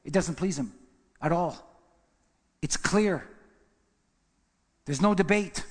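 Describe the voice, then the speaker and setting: Emphatic preacher with a high voice. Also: male voice, slow pace, pauses often, in a large hall. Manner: emphatic preaching, repeats words, swings from loud to hushed. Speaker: pastor. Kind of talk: sermon. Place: church.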